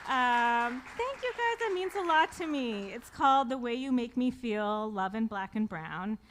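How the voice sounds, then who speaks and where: A woman's voice: a little high, lively intonation, measured pace, fairly bright tone, a faint crowd, a little hiss or hum. A woman in her forties, an author telling a personal story live to an audience with wry, self-deprecating humor, often laughing at her own jokes.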